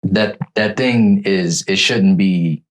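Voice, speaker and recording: A man co-hosts a casual podcast chat. His voice sits very low, and he feels his way through each point with fillers, restarts and pauses. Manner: halting, many fillers and restarts. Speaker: podcast co-host.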